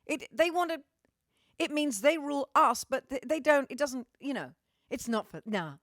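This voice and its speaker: Middle-aged woman from Britain, fairly high voice, sweary, chatty monologue, dry close sound. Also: expressive, moderate pace, a bit bright, no echo. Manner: chatty, cheeky, sweary, theatrical. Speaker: vlogger and singer. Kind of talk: casual sweary monologue to fans.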